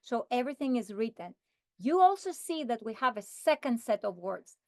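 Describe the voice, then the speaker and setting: Woman teacher trainer, fairly high voice, slow deliberate sounding-out, dry close sound. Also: very animated, a little mellow, no echo. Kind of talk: modeling a phonics lesson for teachers.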